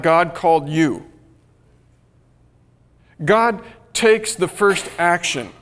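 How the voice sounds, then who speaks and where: An earnest man preaches a sermon and slows down to stress his key phrases. His voice sits a little high. The long reverb of a large hall trails behind him. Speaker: pastor.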